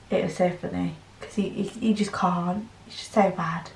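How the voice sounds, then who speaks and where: A woman's voice: fairly low pitch, fairly even intonation, creaky. A young woman chatting casually and at length while she crafts. She has a runny nose. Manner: rambling, fast-talking. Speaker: crafting vlogger. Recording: roomy, distant from the mic.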